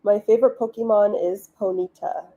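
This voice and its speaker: A woman talks casually on a live stream, giggly and loose, packing her sentences with "like." Her voice sits in an ordinary middle range with a soft, mellow tone. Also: mid-range voice, fairly even intonation, normal speed, lo-fi sound. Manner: chatty, giggly, many "like" fillers. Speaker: livestream host, author.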